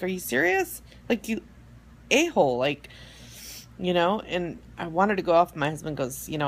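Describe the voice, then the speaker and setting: A woman hosting an online support group on a live stream, talking in a rambling, halting way with many fillers and restarts, soft and heartfelt. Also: deep voice, a little hiss or hum. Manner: soft and heartfelt, near tears at times. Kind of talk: casual live-stream talk. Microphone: phone or webcam for a live stream.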